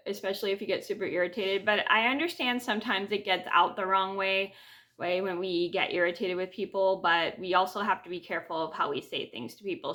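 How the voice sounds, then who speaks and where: A woman vlogger casually tells a personal story to her camera, rambling with restarts and fillers. Her medium-pitched voice is a bit bright and picked up by the camera mic.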